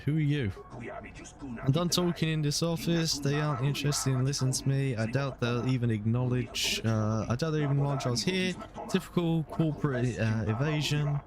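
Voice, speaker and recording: A man's voice: mid-range voice, slight background noise. A man with a London accent streaming a game, joking, crude and rambling with fillers. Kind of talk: casual game commentary.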